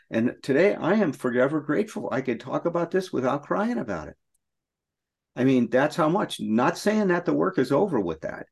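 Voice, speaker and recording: A man's voice: mid-range voice, gravelly, a little mellow, slightly rough. A middle-aged man co-hosting a recovery podcast, telling a painful personal story in an earnest, emotional way.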